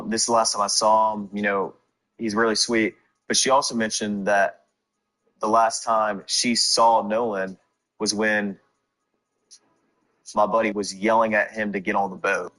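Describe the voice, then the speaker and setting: Flat, low-voiced man giving an interview. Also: moderate pace. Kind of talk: interview answers.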